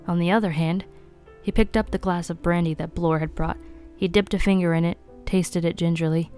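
A woman reading a mystery novel aloud in a measured, even way. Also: on the low side, clear, resonant tone, faint music behind. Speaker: audiobook reader.

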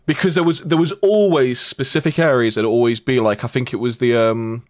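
A man's voice: medium pitch, brisk, dry recording. Guy, mid voice, casual and profane storyteller, dry close sound. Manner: swears often, animated storytelling. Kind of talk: casual gaming chat.

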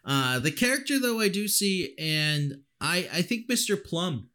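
A man's voice: sits high, sing-song, a little slow, bright, forceful tone. A man co-hosting a casual movie review chat, rambling and laughing often, swearing now and then. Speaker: podcast co-host.

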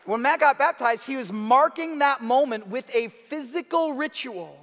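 A man preaching a sermon as pastor, dramatic, moving between hushed lines and emphatic ones. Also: very high voice, expressive, moderate pace, some chatter behind, slight background noise. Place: church hall. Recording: reverberant hall.

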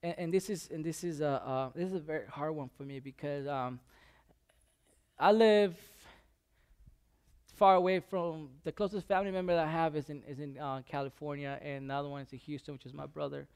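Guy preaching a laid-back sermon, kinda gravelly, lots of uh and um and restarts. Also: fairly high pitch, steady tone, darkish tone. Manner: halting, many restarts and fillers, conversational. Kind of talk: informal sermon.

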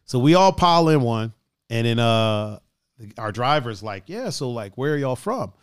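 A man from Ohio co-hosting a stream, chatting casually, laughing often and swearing as he tells animated stories. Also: mid-range voice, normal speed, clean tone, no echo, clean studio sound. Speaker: stream co-host. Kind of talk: casual chat.

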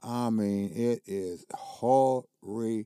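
On the low side, slow, mellow and resonant, the clear voice of an older basketball coach carries his guest storytelling. He talks casually and emphatically, repeating words when stirred up, in clean studio sound free of room noise.

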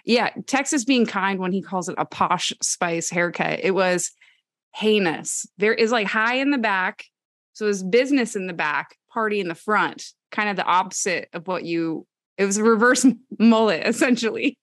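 A woman's voice: mid-range voice, moderate pace, fairly bright tone, no echo, studio quality. A woman guesting on a podcast, joking and chatting. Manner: bubbly, joking, laughs often. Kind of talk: casual chat.

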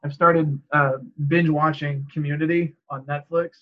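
A man's voice: fairly high pitch, little pitch movement, unhurried. Rambling, laughing man in lo-fi audio. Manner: rambling, laughs often, acts out quotes. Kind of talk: casual chat.

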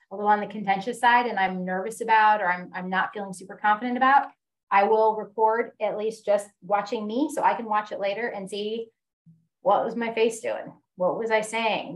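Woman chatting candidly, pokes fun at herself, quick bursts of talk. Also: mid-range voice, rough recording. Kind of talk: casual conversation.

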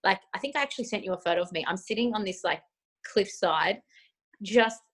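A woman's voice: mid-range voice, expressive, a little fast, fairly bright tone. A woman co-hosting a podcast over a remote call from a friend's house, talking in an effusive, emotional, gushing way. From Australia. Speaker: podcast co-host. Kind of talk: casual podcast chat.

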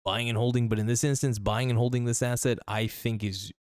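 A man hosting a casual solo podcast, talking in a loose, rambling, profane way with many restarts, his voice a little worn and hoarse. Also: medium pitch, fairly even intonation, brisk, dry recording, studio quality. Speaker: podcast host.

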